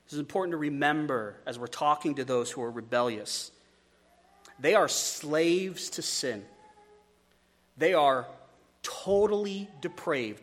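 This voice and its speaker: A man's voice: on the high side, a bit bright, long reverb tail. A man preaching a sermon as a pastor, conversational, with stumbling repeats and joking asides.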